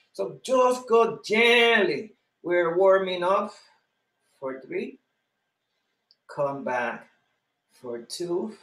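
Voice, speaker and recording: A man's voice: medium pitch, fairly bright tone, roomy sound. A man leading a live online exercise class, counting repetitions, cueing breathing and encouraging students by name. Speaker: fitness instructor.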